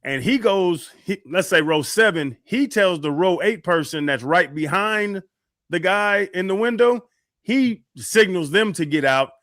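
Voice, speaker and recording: Male radio co-host, a bit high, dry studio sound, animated storyteller. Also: measured pace, no echo. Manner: animated storyteller, acts out quotes. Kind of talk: casual storytelling on sports radio.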